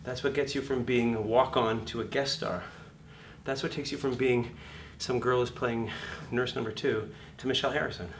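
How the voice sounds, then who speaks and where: A middle-aged man teaching acting in a lecture, swearing freely and acting out scenes with sudden shouts. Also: medium pitch, steady tone, moderate pace, distant mic, a little hiss or hum. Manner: profane, acts out voices and shouts mid-talk. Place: lecture room. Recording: echoey room, heard from off mic.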